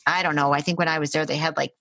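A woman with a somewhat low voice tells a story in a relaxed, chatty way, full of fillers and laughter. She speaks as a Reiki practitioner, and the sound is close and dry with little room echo. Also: rapid-fire. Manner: animated, acts out quoted voices, laughs often, many fillers. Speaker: Reiki practitioner and intuitive healer. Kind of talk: casual storytelling in a conversation.

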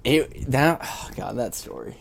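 A man's voice: mid-range voice, lively intonation, measured pace, gravelly, a crowd in the background. A young man co-hosting a podcast, telling stories in a rambling, casual way with many restarts. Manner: rambling storyteller, trailing restarts. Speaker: podcast co-host. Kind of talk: casual chat.

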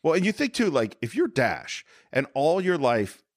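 Man podcast host, lively voice, dry close mic, retelling scenes. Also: on the high side, normal speed, dry recording. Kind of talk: casual film discussion.

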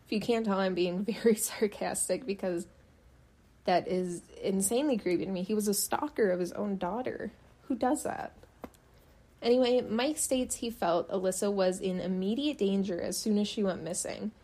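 A young woman telling a true-crime case in a loose, chatty way, full of "like" and "um". Her voice is mellow and warm rather than bright. She slips into dry sarcasm when something strikes her as wrong. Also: medium pitch, moderate pace. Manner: sarcastic, chatty, frequent fillers. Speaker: podcast host. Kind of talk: casual true-crime narration.

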